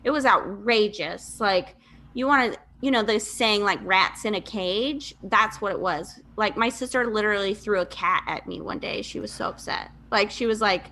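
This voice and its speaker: A woman's voice: mid-range voice, moderate pace, bright, forceful tone. A woman in her thirties from Michigan, a podcast guest telling her life story in a chatty way, laughing often and saying "like" a lot. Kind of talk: casual interview storytelling.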